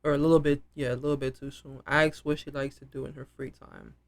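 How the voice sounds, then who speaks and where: A man's voice: mid-range voice, flat delivery, fast, creaky, dry recording. Casual gaming streamer man. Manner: reads choices aloud and critiques them. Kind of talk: casual gameplay commentary.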